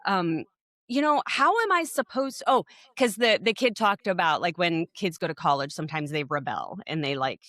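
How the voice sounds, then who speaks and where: A woman's voice: low voice, moderate pace, no room sound, clean studio sound. A woman co-hosting a podcast, telling family stories in a casual chat and acting out the quotes. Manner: animated storyteller, acts out quotes. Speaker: podcast co-host.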